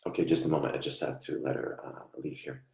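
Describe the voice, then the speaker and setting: Very deep gravelly guy doing a live psychic reading, soft and halting, roomy echo. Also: fairly even intonation. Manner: soft-spoken, halting, often trails off quietly. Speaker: psychic medium. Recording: echoey room.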